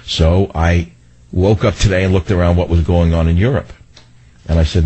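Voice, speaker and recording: A man's voice: sits low, steady tone, normal speed, dark tone, husky, poor audio. A middle-aged man hosting a talk radio show, delivering a mocking, sardonic monologue from a radio studio.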